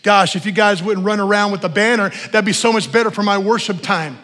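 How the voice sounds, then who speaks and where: A middle-aged man preaching a sermon as pastor in a church, animated, telling stories and acting out what people say. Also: high voice, a little fast, hardly any pauses. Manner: animated preaching, storytelling with voiced asides. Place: church sanctuary. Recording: long hall reverb.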